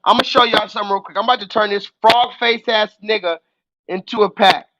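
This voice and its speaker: A young adult man hosting a live call-in stream, ranting loudly and profanely at the chat and mocking his target. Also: sits high, steady tone, brisk, background noise. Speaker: livestream host.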